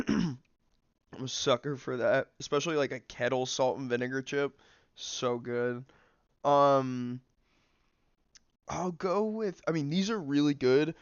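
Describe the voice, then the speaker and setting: A young man streams a game, rambling casually with plenty of fillers while snacking. His smooth, medium-pitched voice moves at a measured pace with long pauses, and the recording is muffled with no room sound.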